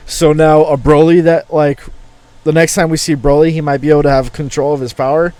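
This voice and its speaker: Excited young man, dry close sound. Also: on the high side, fairly quick, no echo. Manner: excited, swears often, eager to share opinions. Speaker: podcast co-host. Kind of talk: casual chat.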